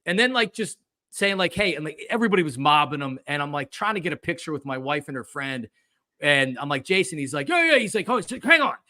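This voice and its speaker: Philly guy, podcast host, bright voice, dry close mic, tells stories acting out what people said. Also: on the high side, quick pace, no room sound. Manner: animated storytelling, acts out quotes, frequent fillers. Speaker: podcast host, former sports radio host. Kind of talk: casual chat.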